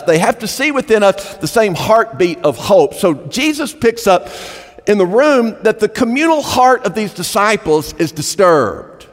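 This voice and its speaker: A male pastor preaching a sermon in a church, emphatic and animated, often repeating phrases as he presses a point. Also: high-pitched. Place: church sanctuary. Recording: long hall reverb.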